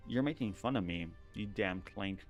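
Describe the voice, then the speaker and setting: A bitter young would-be villain, ambitious and sneering, full of resentment, voiced by a man reading game dialogue on stream. His voice runs low and deep, laced with scorn. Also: normal speed, muffled recording, soft background music, close to an everyday voice. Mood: resentful.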